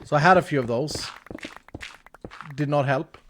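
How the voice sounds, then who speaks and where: A man tells a story while he plays a game on stream. He talks in a fairly high register, stumbling and restarting as he goes, with some faint noise behind him. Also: moderate pace. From Sweden. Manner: animated, with restarts and laughter. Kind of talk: casual storytelling while gaming.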